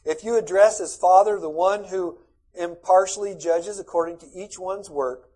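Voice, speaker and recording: A man's voice: high voice, normal speed, darkish tone, husky, rough recording. A middle-aged man pastor giving a conversational, folksy sermon with asides to the congregation.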